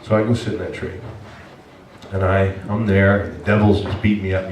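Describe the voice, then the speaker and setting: Low-voiced pastor preaching in an echoey church. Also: male voice, level tone, a little fast, distant mic, slight background noise. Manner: storytelling, earnest and emotional. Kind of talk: sermon. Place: church sanctuary. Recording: echoey church heard from afar.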